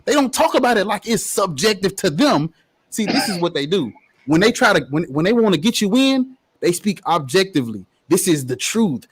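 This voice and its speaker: A man's voice: high voice, big pitch swings, brisk, husky. A young man in a heated street debate, arguing in a fiery, preachy way and swearing often. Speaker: debate participant.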